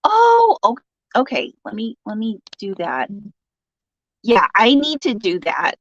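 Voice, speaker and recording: Chatty woman with a lively voice. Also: on the high side, slow, dry recording, lo-fi sound. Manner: chatty, laughing often, sympathetic and joking. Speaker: livestream host reading viewer comments. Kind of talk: casual chat.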